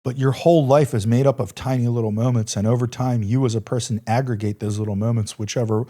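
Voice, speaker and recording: A former Army Ranger in middle age, interviewed on a podcast, relates a war story at a quick pace in a warm, medium-pitched voice with fairly even intonation. He stays intense and emphatic, repeats himself, and swears freely.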